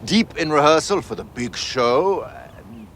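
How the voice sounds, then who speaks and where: A nervous, gravelly villain. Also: male voice, medium pitch, very animated, fairly bright tone, a little hiss or hum. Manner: halting, nervous excuses. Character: nervous middle-aged male villain reporting failure. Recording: clip from a TV series, faint background.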